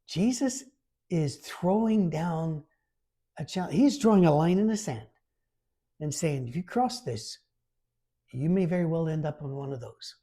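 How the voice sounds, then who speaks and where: A man preaching a conversational sermon, informal and lively, reading scripture aloud with emphasis. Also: a little high, unhurried, pauses often. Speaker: pastor.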